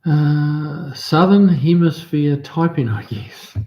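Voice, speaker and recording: Speaking slowly in a fairly high voice, a New Zealand-accented livestream host chats easygoingly and reads out comments from viewers, often saying um and starting over. The recording has its highs cut off and a roomy echo.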